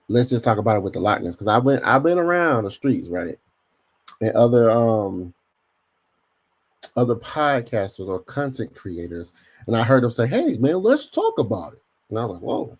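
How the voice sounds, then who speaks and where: A man hosting a casual podcast livestream, talking in slang and speaking straight to his chat. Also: medium pitch. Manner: slangy, animated, addresses chat directly. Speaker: podcast host.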